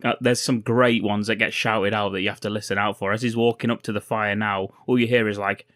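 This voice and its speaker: A man's voice: lowish voice, little pitch movement, a little fast, a bit bright, dry recording, studio quality. Wry male podcast co-host recapping. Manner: wry plot recapping with profanity. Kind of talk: casual comedic chat.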